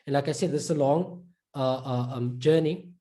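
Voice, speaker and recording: A man teaching a recorded lesson, patiently repeating example words slowly and drawn out, with casual "right?" and "okay" check-ins. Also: medium pitch, dark tone. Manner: informal, fillers like "right?" and "okay".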